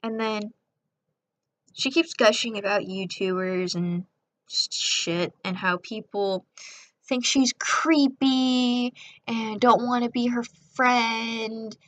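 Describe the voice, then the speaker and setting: A young woman with a somewhat high voice tells a casual, rambling storytime over a speedpaint. She is sarcastic and keeps jumping into raised voices to quote people. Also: steady tone, slow.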